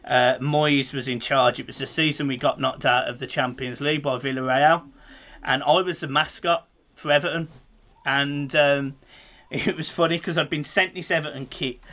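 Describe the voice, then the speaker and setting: A man's voice: on the high side, steady tone, normal speed, bright, forceful tone. A young man hosting a fan channel interview, eager and friendly, laughing along and thanking his guest. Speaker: host.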